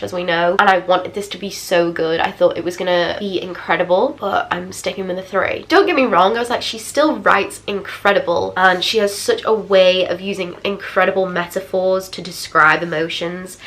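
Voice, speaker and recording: A young woman in her twenties, chatting casually and expressively as she reviews books for her vlog. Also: mid-range voice. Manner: chatty, expressive, self-deprecating asides. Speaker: book vlogger. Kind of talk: casual book review chat.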